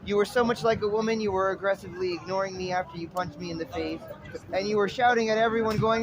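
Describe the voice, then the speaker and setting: High-voiced man rambling outdoors. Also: fairly even intonation, fast talker. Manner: dramatic, stream-of-consciousness, poetic turns. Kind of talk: rambling spoken-word monologue. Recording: street noise with traffic.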